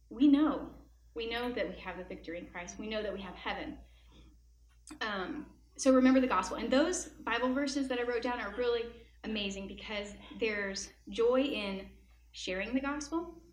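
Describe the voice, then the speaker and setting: A woman's voice: mid-range voice, slight background noise. A woman speaking at a Christian event, giving an earnest devotional talk and telling personal stories with casual asides. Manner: earnest, animated storytelling with asides. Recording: echoey room with faint ambience.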